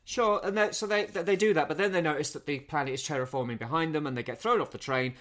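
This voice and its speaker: A man's voice: on the high side, fast talker, a bit bright. Man recapping a film, rambling. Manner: rambling recap, many repeated words. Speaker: podcast co-host. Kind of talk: casual film review chat.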